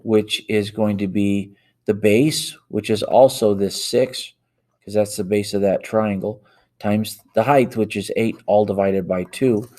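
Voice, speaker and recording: A man with a lowish, somewhat dark voice teaches a math lesson through worked examples. He talks through each problem step by step while typing into a calculator, correcting himself as he goes.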